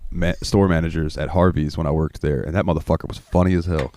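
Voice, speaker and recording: A man's voice: very deep voice, steady tone, quick pace, dark tone, slight background noise. A young man co-hosting a podcast, telling crude stories in casual chat and laughing often. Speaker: podcast co-host.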